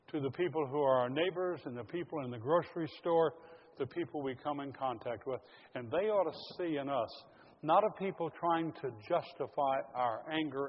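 A pastor with a slightly high, breathy voice preaches earnestly and directly to his congregation, calling them folks. The lo-fi recording was made in a large, reverberant hall.

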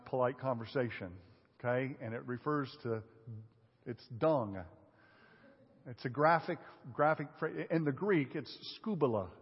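Male pastor, sermon, husky voice, rhetorical questions, loud then hushed, dull recording, long hall reverb. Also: medium pitch.

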